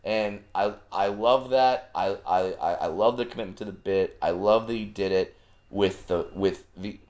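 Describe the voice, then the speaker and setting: A male comedian guest on a casual podcast, telling family stories with lively, animated delivery. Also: fairly low pitch, normal speed. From Southern California. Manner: animated storyteller, acting out family anecdotes.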